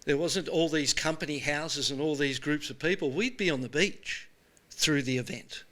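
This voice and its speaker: An Australian man in his sixties, an animated storyteller chatting casually as he is interviewed. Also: a little high, normal speed. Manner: animated storyteller, says "mate" often. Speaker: show host being interviewed. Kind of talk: casual chat.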